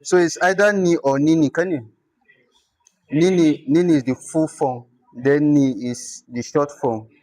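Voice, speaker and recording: A man teaching a language class, explaining patiently and repeating words slowly. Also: fairly high pitch, a little mellow, dry recording. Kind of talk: classroom lesson.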